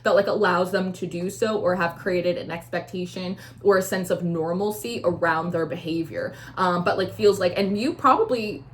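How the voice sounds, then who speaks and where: A woman's voice: lowish voice, moderate pace, few pauses, slight background noise. A young woman giving a casual intuitive tarot reading, rambling with many fillers and acting out quoted voices. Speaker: tarot reader.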